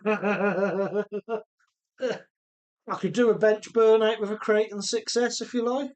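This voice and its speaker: A man's voice: high-pitched, fairly even intonation, slow, darkish tone. A man hosting a live stream in his home workshop, chatting easygoing and laughing often as he reads out viewer comments. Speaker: host of a radio-controlled car live stream.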